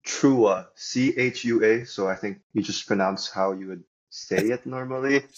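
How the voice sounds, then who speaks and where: Chill young guy on a podcast, kinda low voice, muffled lo-fi audio. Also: normal speed. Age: young adult. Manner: easygoing, chatty and upbeat, laughing often. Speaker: podcast guest. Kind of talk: casual podcast chat.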